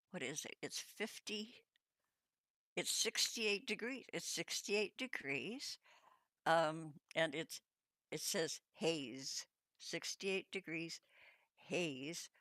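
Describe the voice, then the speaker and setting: A woman's voice: lowish voice, sharp tone, no echo, clean studio sound. A woman with a Southern Californian accent hosting a casual live stream, chatty and rambling with many fillers. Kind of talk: casual livestream chat.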